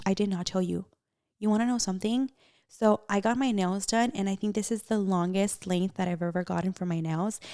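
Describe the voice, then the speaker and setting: A young woman vlogger chatting casually to her viewers, telling animated stories in a gossipy, friendly way. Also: medium pitch, dry recording, studio quality. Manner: chatty, animated storytelling, addresses viewers as bestie. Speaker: vlogger host. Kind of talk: casual chat to camera.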